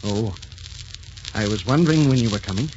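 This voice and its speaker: An actor playing Admiral Nelson, an ardent, heroic naval lover, with an earnest, impassioned theatrical delivery in a 1940s radio drama. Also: male voice, on the low side, expressive, brisk, background noise, close to an everyday voice. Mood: tender. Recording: muffled old radio broadcast with music.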